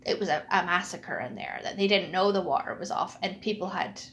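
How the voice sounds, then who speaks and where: A woman's voice: lowish voice, a little fast, fairly bright tone, a little hiss or hum. A woman telling a funny childhood story in casual chat, laughing and using lots of fillers.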